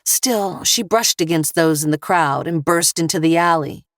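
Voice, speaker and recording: A woman narrating a thriller audiobook in a measured, steady voice. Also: low-pitched, no room sound, studio quality. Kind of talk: scripted narration.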